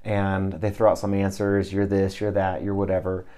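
A man with a very low, warm and mellow voice speaks as a guest in an interview. He talks earnestly, in a preacher-like way, telling stories and quoting scripture. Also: completely flat delivery, moderate pace. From Texas. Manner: earnest, storytelling with scripture quotes. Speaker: ministry leader, guest.

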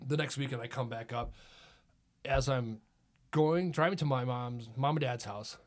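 A man's voice: medium pitch, moderate pace. A middle-aged man hosting a podcast, telling a rambling story with lots of laughs and "it's like.". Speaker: podcast host. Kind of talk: casual storytelling chat.

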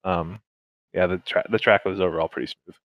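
A man's voice: low-pitched, steady tone, brisk, no room sound, lo-fi sound. A man, a racing driver, talking casually through a race with many fillers and restarts. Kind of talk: casual interview chat.

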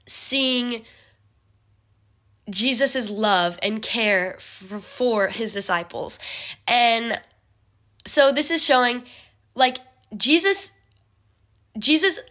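A young woman giving a casual bible study talk, chatty and full of fillers, often clearing her throat. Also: on the high side, a bit bright.

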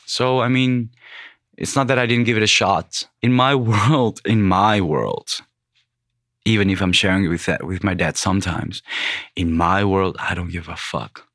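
A man's voice: sits low, fairly even intonation, normal speed, fairly bright tone, no echo, studio quality. A man in his thirties who grew up in the Netherlands, a podcast guest speaking bluntly and frankly in casual chat, swearing freely. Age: 30s.

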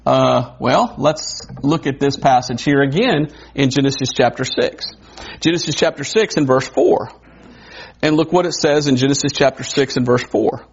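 A man preaching a sermon in a conversational way, wondering aloud and adding quick asides. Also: mid-range voice, vocal fry, husky. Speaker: pastor. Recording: dull lo-fi recording.

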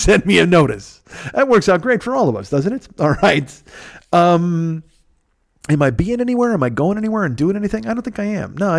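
A middle-aged man hosting his own show, telling a story in a profane, ranting, animated way. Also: a little high. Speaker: podcast host. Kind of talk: casual storytelling monologue.

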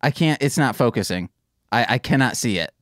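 A man's voice: mid-range voice, animated, a little fast, fairly bright tone, no echo, clean studio sound. A man co-hosting a podcast, chatting casually and teasing his co-host. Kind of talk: casual chat.

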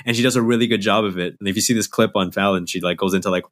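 A man's voice: fairly low pitch, steady tone, racing, a bit bright. Laid-back, swearing man. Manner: loose, profane, laughs a lot. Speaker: podcast co-host. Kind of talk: casual chat.

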